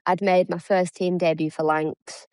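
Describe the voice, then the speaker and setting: A woman's voice: fairly low pitch, little pitch movement, measured pace, a little mellow, clean tone, no echo. A woman in her thirties from England, a former cricketer chatting as an interview guest, self-deprecating and acting out the dialogue she quotes. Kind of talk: casual interview chat.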